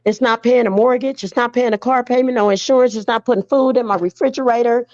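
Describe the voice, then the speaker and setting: A woman's voice: on the high side, fairly even intonation, fast, darkish tone, no echo. Profane, scolding mother in a muffled clip. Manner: blunt, profane, pleading and scolding. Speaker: mother addressing her daughter in a clip. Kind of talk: emotional direct address.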